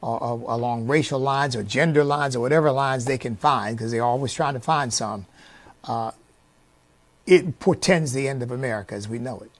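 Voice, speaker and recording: A man who leads a conservative organization, giving an earnest, preacher-like speech that asks for support, with many pauses and fillers. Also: medium pitch, no echo.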